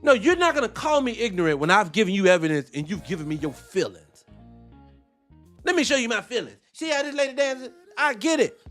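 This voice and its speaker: A man's voice: high-pitched, very animated, fairly quick, fairly bright tone, soft background music. A man giving heated, profane reaction commentary, firing off rhetorical questions.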